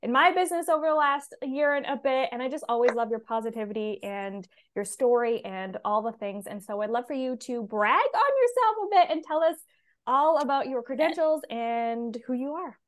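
A woman co-hosting a casual interview, with a high voice. She sounds bubbly and gushing as she talks. She teases her guest playfully between her questions. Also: moderate pace. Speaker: podcast co-host.

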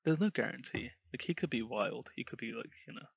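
A man's voice: mid-range voice, a little fast, gravelly, husky, no echo. A young man from England, telling a story in casual chat and acting out what people said. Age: teens or young adult. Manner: animated storyteller, laughs often, acts out quotes.

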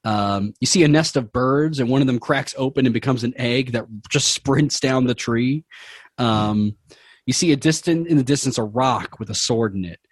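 A man's voice: mid-range voice, normal speed, slightly rough, no echo. A young adult man narrating a tabletop game as game master, vivid and prone to laughing.

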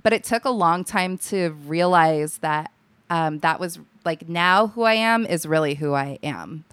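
A woman's voice: on the low side, unhurried, fairly bright tone, smooth, no echo. A young woman from Alaska, a podcast guest chatting casually, laughing often and restarting her sentences. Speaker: podcast guest, comedy writer. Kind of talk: casual chat.

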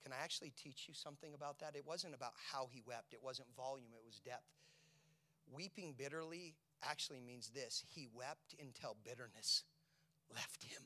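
Preacher man swinging from whispers to shouts. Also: mid-range voice, normal speed. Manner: swings from hushed whispers to loud, shouted climaxes; asks the congregation rhetorical questions. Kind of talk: sermon.

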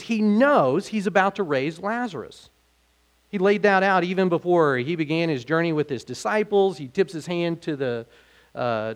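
A man preaching a sermon in a conversational way, growing animated when he asks questions. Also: fairly high pitch. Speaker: pastor.

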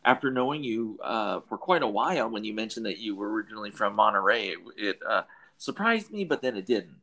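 A man's voice: lowish voice, very animated, brisk, pushed and bright. A middle-aged man from Southern California hosting an interview, talking in a rambling way with many restarts and fillers. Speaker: podcast host. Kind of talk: conversational interview.

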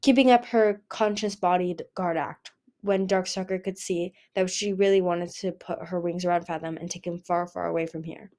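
A woman's voice: on the low side, steady tone, moderate pace, few pauses, darkish tone. A woman narrating a fantasy novel chapter as a fan audiobook, reading steadily and often correcting herself. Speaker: audiobook reader.

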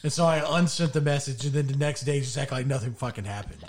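A man's voice: mid-range voice, fast. A man co-hosting a podcast, telling stories in casual chat and swearing often. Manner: profane, animated storytelling. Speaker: podcast co-host.

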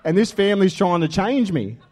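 Animated Australian man telling his testimony. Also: high voice, a little fast. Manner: animated storytelling with laughs and loud acted quotes. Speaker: preacher. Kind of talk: testimony sermon.

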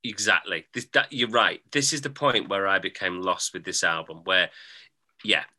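Man, English accent, northern-southern mix, low voice, very bright tone, podcast co-host, thoughtful, hesitant. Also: moderate pace. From England. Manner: thoughtful, hesitant, laughs easily. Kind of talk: casual podcast chat.

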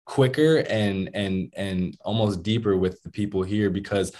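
A young American man, a musician, telling stories in a casual interview with laid-back slang and animated retelling. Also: on the low side, unhurried. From United States. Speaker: musician and rapper.

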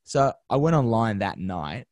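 A man, a TV host and media founder, telling energetic stories in a casual interview, laughing often and using slang. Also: on the low side, unhurried, no room sound, studio quality.

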